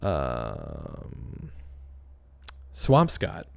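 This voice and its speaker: A man's voice: very deep voice, huge pitch swings, very slow, gravelly. A young man hosting a casual true-crime livestream, thinking aloud and rambling with restarts while reading chat. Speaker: livestream host.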